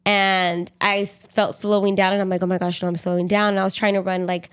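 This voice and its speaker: A young adult woman co-hosting a podcast, telling a story in casual chat with lots of fillers and lively asides. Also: mid-range voice, brisk, smooth. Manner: chatty, animated storytelling with many fillers. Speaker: podcast co-host.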